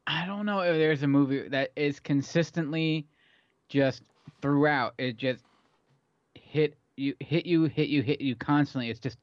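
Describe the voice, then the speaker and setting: A man's voice: fairly high pitch, a little slow, dry recording, lo-fi sound. A man co-hosting a casual podcast about movies, talking with enthusiasm and rambling restarts. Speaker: podcast co-host.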